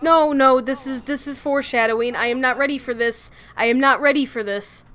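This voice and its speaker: A woman playing through a video game, reacting out loud with emotional exclamations in casual commentary. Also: high voice, fairly even intonation, fairly quick. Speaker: let's play gamer.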